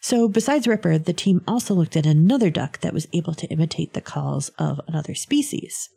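A woman's voice: fairly low pitch, expressive, a little fast, creaky, mellow, husky. A woman hosting a casual science chat, talking in a chatty, meandering way with frequent ums and small laughs.

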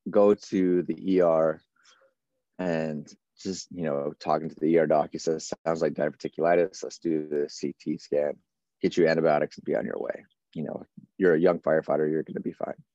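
A man in his thirties with a low, mellow voice recounts a personal story casually, quoting what everyone said to him. The sound is dry, with a slightly dull, muffled top end. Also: little pitch movement, normal speed, no room sound. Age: 30s. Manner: casual, run-on retelling with many quoted exchanges. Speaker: firefighter guest. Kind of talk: storytelling in an interview.

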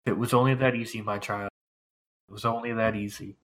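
Creepy old priest in a tabletop game, hushed and condescending, bright-toned, as the game master puts him on. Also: male voice, on the high side, animated, a little fast, breathy edge, voice pushed up. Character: creepy old male priest, soft and unsettling.

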